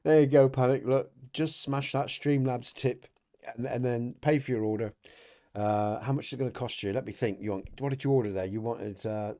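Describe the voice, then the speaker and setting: A man's voice: medium pitch, moderate pace, mellow. A middle-aged man hosting a casual livestream podcast, rambling and chatty, laughing often and talking to viewers in the chat. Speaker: podcast host.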